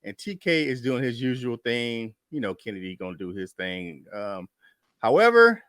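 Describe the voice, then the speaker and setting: A man hosting a casual sports podcast, loose and excitable, laughing between points. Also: lowish voice, normal speed, no room sound, clean studio sound. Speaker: podcast host.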